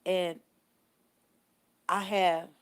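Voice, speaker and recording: A woman's voice: on the low side, very slow, clean tone. A woman vlogger in casual live-stream commentary, telling stories to her viewers and answering their comments. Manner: animated, conversational storytelling that repeats its points.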